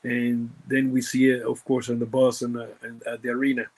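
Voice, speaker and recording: Puerto Rican man telling halting stories. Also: mid-range voice, monotone, darkish tone. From Puerto Rico. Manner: halting, lots of fillers and restarts, broken grammar. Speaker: guest, former pro wrestler. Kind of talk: casual storytelling interview.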